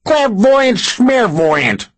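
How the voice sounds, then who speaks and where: A man voicing a sarcastic, hot-tempered small councilman who mocks in a shrill, raised voice. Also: big pitch swings, extremely slow, no room sound, full character voice. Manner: shrill, mocking.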